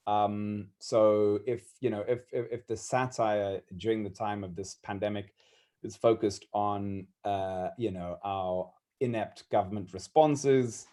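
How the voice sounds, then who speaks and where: A man with a lowish, mellow voice joins a video-call panel, agreeing emphatically with the previous speaker and padding his points with frequent "you know"s and "uh"s. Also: steady tone, measured pace. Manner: emphatic, filler-heavy. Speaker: panel guest. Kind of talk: conversational panel discussion.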